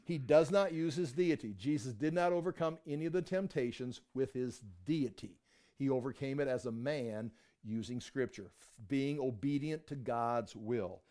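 Older man, bible teacher, informal rambling talk, animated voiced-out dialogue, medium pitch. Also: normal speed. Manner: rambling and conversational, acting out biblical dialogue with lively pitch jumps.

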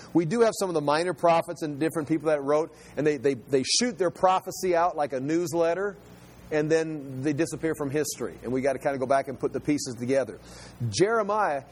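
Brief: middle-aged male Bible teacher, slightly high voice, chatty sermon delivery with frequent restarts. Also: a little mellow, slight background noise. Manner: conversational, repeats words as he restarts.

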